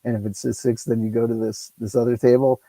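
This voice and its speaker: A man's voice: medium pitch, flat delivery, fast, mellow, no echo, rough recording. A man hosting a solo tabletop game on a lapel mic, rambling and ranting, swearing freely. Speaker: solo tabletop game player and channel host. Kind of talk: casual solo game commentary.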